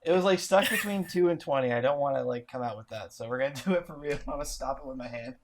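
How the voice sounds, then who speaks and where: A man's voice: mid-range voice, fast talker, noisy background. A man chatting casually as a tabletop game player, rambling and laughing at times.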